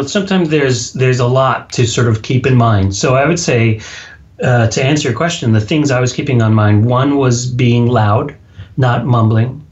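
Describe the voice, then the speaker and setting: Deliberate, firm-spoken man. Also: medium pitch, muffled recording. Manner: firm, deliberate, ends sentences flat. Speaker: guest, public speaking coach. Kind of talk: podcast interview.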